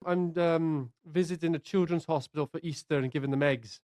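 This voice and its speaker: A man with a fairly high voice, recorded dry and close. He clowns around on a podcast call in playful banter. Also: fairly even intonation, brisk, darkish tone, no room sound. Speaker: podcast co-host.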